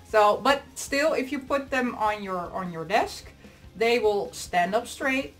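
A woman's voice: on the high side, expressive, slow pace, a bit bright, faint music behind. A woman vlogger unboxing and reviewing dolls in casual chat, gushing, squealing and giggling over every item.

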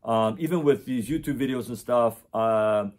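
A man's voice: mid-range voice, moderate pace, darkish tone. A middle-aged man, a tutor, talking unscripted to his camera with many fillers and restarts. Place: indoors in front of his camera. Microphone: camera mic.

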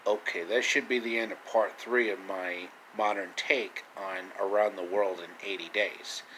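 A man's voice: deep voice, steady tone, a little slow, bright, forceful tone, slight background noise, poor audio. A man vlogging a comedic retelling of a classic story, with joking, self-mocking asides.

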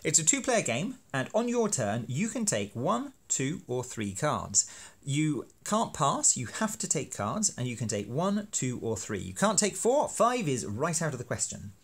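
A man's voice: on the high side, sing-song, measured pace, breathy edge. A man explaining a teaching card game in a playful, self-deprecating, hammy way. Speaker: university lecturer making teaching videos. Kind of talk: educational explainer.

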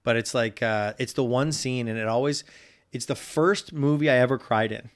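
A man co-hosting a couple's podcast, telling stories in casual chat, animated, swearing and laughing freely. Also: medium pitch, moderate pace. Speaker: podcast co-host.

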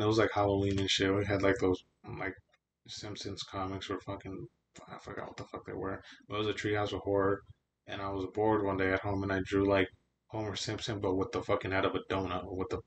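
A man's voice: deep voice, monotone, a little fast, a little hiss or hum. A young man hosting a podcast, telling laid-back stories in casual chat with heavy swearing and slang. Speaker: podcast host.

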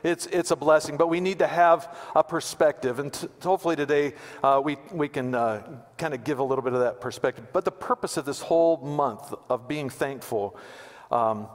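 A man's voice: on the high side, moderate pace. A male pastor preaching a sermon in a conversational, joking way, often repeating words. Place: church sanctuary. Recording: long church reverb.

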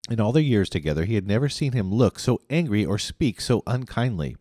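A man narrating an audiobook in an expressive reading. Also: on the low side, a little fast, dry recording, clean studio sound, big-room sound. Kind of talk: scripted narration.

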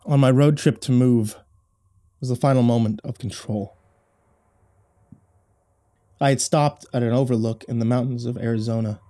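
A man reading a first-person horror story aloud, measured with dramatic swells. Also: medium pitch, steady tone, warm tone.

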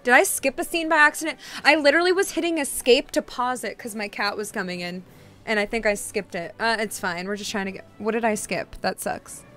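A woman game streamer chats freely with her viewers, full of quick exclamations, and now and then drops into soft cooing. Her voice sits a bit high. A loud game soundtrack plays clearly under her desk-mic sound. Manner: chatty, exclaims often, coos softly to her cat. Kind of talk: casual live-stream chat. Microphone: desk microphone. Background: game music.

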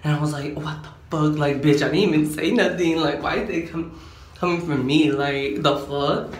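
Slightly high-voiced eighteen-year-old man, echoey. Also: steady tone, moderate pace. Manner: rambling, peppers talk with "like", slangy. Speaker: vlogger. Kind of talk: casual storytime chat. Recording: roomy echo, faint background hum.

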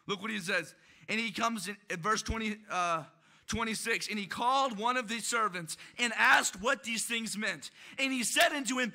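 A young male preacher with a high, gravelly voice that rings with a sharp brightness. He preaches in a church sanctuary and often breaks into loud, emphatic shouts as he delivers his sermon. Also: normal speed.

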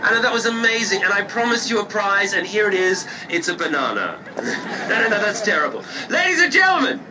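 An English street performer works a crowd in an outdoor city square, loud and cheeky, teasing and swearing for laughs in his show patter. His voice sits high and runs a little fast. Picked up far from the camera, he sounds distant over loud crowd noise and street ambience.

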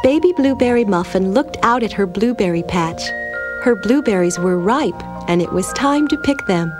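Expressive woman reading a children's story. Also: mid-range voice, moderate pace, over music. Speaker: narrator.

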